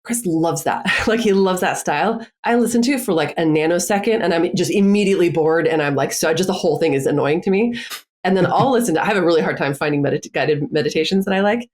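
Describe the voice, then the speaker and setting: A woman's voice: lowish voice, fast talker, darkish tone. A woman who works as a coach, chatting casually as a podcast guest, with frequent filler words and easy laughter. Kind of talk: casual conversational interview.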